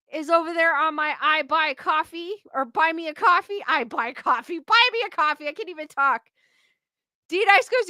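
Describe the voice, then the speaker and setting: A woman's voice: very high voice, sharp tone, dry recording, studio quality. A young woman hosting a casual livestream, chatting and giggling as she reads out viewers' comments. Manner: chatty, giggly, quotes chat names aloud. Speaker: livestream host.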